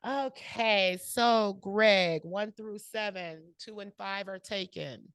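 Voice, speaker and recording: A woman's voice: mid-range voice, slow, fairly bright tone, smooth, no room sound, studio quality. Laughing, teasing woman hosting a meeting. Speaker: table topics host at a speaking club meeting. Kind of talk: hosting a meeting, casual and joking.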